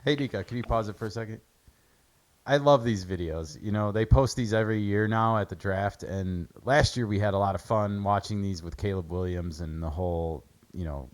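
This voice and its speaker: A man hosting a casual sports show, breaking down football draft picks in a chatty way with lots of fillers. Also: low-pitched. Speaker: sports podcast host.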